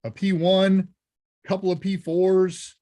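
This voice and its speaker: A man hosting a live Q&A stream, chatting casually and joking as he reads messages and thinks out loud. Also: sits high, level tone, takes it slowly, no echo. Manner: chatty, jokey, thinks aloud. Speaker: live Q&A host.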